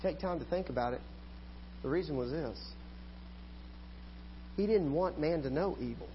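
A middle-aged man preaching a sermon, swinging between loud pleading and quiet asides. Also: a little high, lively intonation, moderate pace, a little hiss or hum. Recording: hall reverb, dull lo-fi sound.

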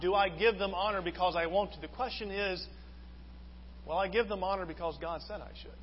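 A man's voice: high voice, a little hiss or hum. A man preaching a sermon as a pastor, earnest and full of rhetorical questions. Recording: long hall reverb, dull lo-fi sound.

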